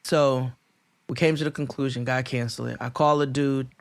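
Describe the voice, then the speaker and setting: A man co-hosting a podcast, telling a long story in casual chat, acting out quotes in high voices and laughing often. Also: steady tone, normal speed, dry recording. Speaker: podcast co-host.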